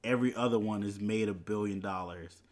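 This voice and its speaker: A man's voice: lowish voice, fairly quick. Casual chatty podcast host man. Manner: casual, chuckling, rambling with fillers. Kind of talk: solo podcast news chat.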